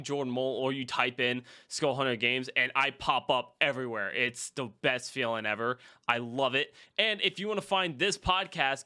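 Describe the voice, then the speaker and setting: A man's voice: medium pitch, bright, forceful tone. A young man hosting a casual podcast, enthusiastically plugging his channels and sponsor with frequent fillers. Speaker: podcast host. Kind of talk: casual podcast chat and self-promotion.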